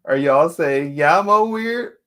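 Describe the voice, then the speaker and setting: A man's voice: a little high, lively intonation, slow pace, fairly bright tone. A man hosting a writing sprint livestream, chatting casually and playfully, laughing often and reading the chat aloud. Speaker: livestream host.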